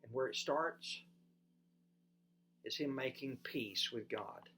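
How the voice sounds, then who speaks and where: A pastor giving a sermon, asking listeners direct questions and swinging from loud emphasis to quiet, low delivery. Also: takes it slowly, slight background noise.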